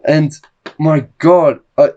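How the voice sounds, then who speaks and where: A man's voice: fairly high pitch, steady tone, slow, mellow, highs cut off. An Australian man co-hosting a casual podcast, telling a story bluntly and swearing freely. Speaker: podcast co-host. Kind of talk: casual chat.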